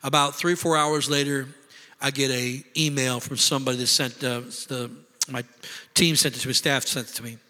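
A man's voice: mid-range voice, steady tone, normal speed, bright, forceful tone. A middle-aged man preaching a sermon as pastor, impassioned and conversational, repeating himself for emphasis. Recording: long hall reverb.

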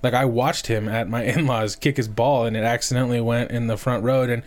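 A man's voice: mid-range voice, fairly even intonation, a little fast. A man in his thirties, a podcast co-host, telling a story in casual chat, swearing and restarting often.

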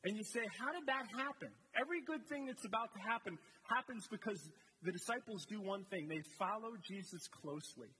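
In a church sanctuary, a male guest speaker preaches a sermon conversationally, telling stories with asides in a high, bright, forceful voice at a fairly quick pace. The recording has long hall reverb and faint noise.

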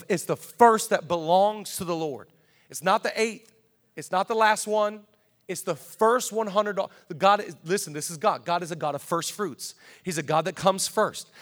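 A pastor delivers a sermon to his church in a voice set high for a man. He repeats key words for emphasis and swings between quiet, confiding asides and loud, driving declarations.

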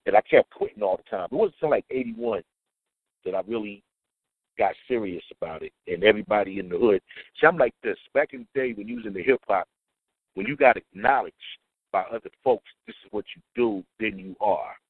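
Chill dude, kinda low voice, sounds like a phone call, no room sound. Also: male voice, expressive, brisk, dry recording. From Trenton, New Jersey. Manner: laid-back, often adds "you know what I'm saying" and "man". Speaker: DJ, interview guest. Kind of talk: casual interview chat. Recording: tinny phone-like dry line.

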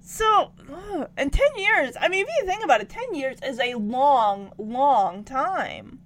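A woman telling stories casually to camera, animated and emotional, breaking into laughs and sighs. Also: sits high, measured pace. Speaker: vlogger.

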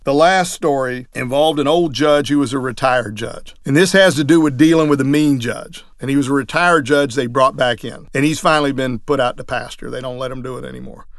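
A man, a trial lawyer, telling courtroom stories in a lively way, acting out what others said. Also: mid-range voice, fairly quick, few pauses, dry recording, studio quality. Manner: lively, acts out quoted voices. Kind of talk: anecdotal storytelling talk.

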